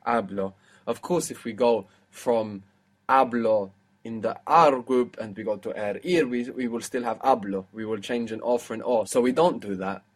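A man's voice: mid-range voice, normal speed. A man teaching a language lesson, explaining step by step and quizzing his student.

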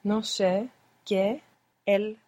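A woman's voice: mid-range voice, flat delivery, drawn-out words, darkish tone. Female learner, hesitant one-word replies to a tutor's prompts. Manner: tentative short answers, laughs at own slips. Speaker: student. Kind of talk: answering in a spoken lesson.

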